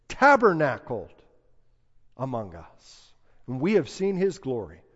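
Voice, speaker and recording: A man preaching a sermon, slow and emphatic, building to loud peaks when he quotes scripture. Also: on the high side. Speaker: pastor. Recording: dull lo-fi sound with long hall reverb.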